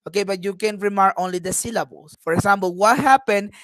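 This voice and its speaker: A woman's voice: mid-range voice, fairly even intonation, fast, fairly bright tone, dry recording, poor audio. A woman English teacher leading an online class, patient and encouraging, dropping in frequent uh-huhs.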